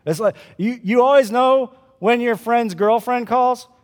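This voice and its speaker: A male pastor preaching a conversational sermon at a church service, swinging between loud emphasis and quiet asides to the congregation. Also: extremely high pitch, a little slow, in a large hall.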